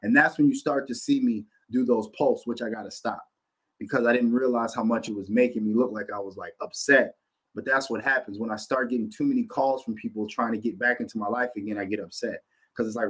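A man hosting a podcast from his home office, ranting bluntly and profanely in a casual, animated way. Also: mid-range voice, fairly quick, husky, poor audio. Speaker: podcast host. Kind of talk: casual rant to camera.

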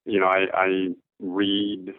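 A man's voice: low-pitched, completely flat delivery, dry recording. Man on a tinny phone line. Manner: halting, many fillers and restarts. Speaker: interview guest, note investor. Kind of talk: casual interview talk.

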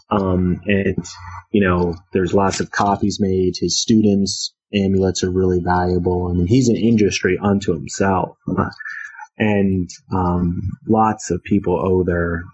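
Husky low-voiced man telling a story. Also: a little mellow. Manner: rambling, many fillers and restarts. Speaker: author discussing his book. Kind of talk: casual storytelling. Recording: dull lo-fi sound.

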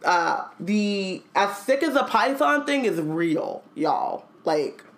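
A woman's voice: mid-range voice, big pitch swings, slow. A woman co-hosting a casual book podcast, reading passages aloud and joking about them. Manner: reads passages aloud, then riffs with loose jokes. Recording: echoey room.

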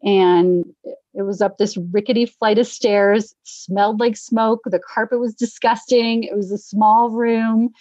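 A middle-aged woman telling her recovery story in casual conversation, animated, acting out the voices of people she quotes. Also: mid-range voice, unhurried, no echo, highs cut off. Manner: animated, acts out quoted voices, laughs often. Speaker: guest sharing recovery story. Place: Denver area.

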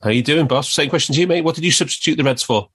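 A man hosting a sports podcast in casual chat, jokey and quick to laugh. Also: on the high side, a bit bright, slightly rough. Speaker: podcast host.

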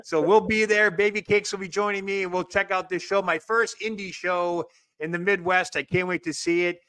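A man with a Boston accent hosting a show, energetic and rambling as he chats and plugs events. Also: high voice, normal speed, smooth, no room sound. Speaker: podcast host. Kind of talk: casual show chat and plugs.

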